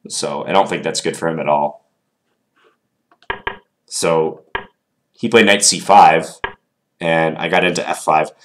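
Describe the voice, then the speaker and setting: A man's voice: rumbling low, steady tone, measured pace, long pauses, a little hiss or hum. A man with a stuffed-up voice from a cold, casually thinking aloud through a chess game and hedging with filler words. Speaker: chess commentator.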